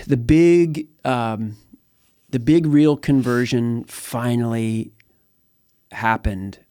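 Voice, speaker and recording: A man's voice: medium pitch, a little mellow, clear, resonant tone, no echo, clean studio sound. Candid middle-aged man telling his story. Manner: candid, rambling storyteller with many fillers and restarts. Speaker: interview guest. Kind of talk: personal testimony in conversation.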